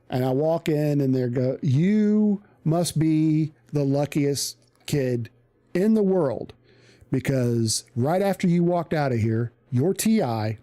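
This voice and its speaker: A man casually telling a profane story on a live stream, animated and acting out the voices of people he quotes. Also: medium pitch.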